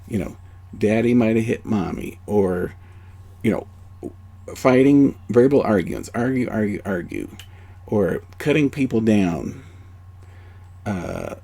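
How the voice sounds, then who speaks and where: A man teaching a spiritual course outdoors in a gentle, conversational way. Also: medium pitch, gravelly. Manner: gentle, conversational, many "you know"s.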